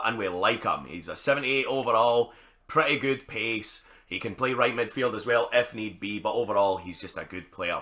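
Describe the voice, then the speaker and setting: A young Scottish man talks through a football management game in a loose, chatty way, peppered with curses and blunt asides. His voice sits low but has a bright, forceful edge. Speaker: gaming YouTuber. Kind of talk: casual gameplay commentary.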